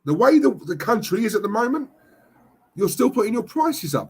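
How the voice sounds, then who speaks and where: Husky guy ranting on his live stream, keeps going "right?" and "yeah?", loud and blunt. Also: high voice, very animated, a little fast. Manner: outspoken, repetitive, tag questions. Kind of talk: casual live-stream rant.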